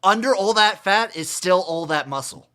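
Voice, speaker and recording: A man's voice: high-pitched, animated, normal speed, bright, forceful tone, smooth. A man co-hosting a podcast in loose casual chat, joking and asking his partner questions. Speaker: podcast co-host.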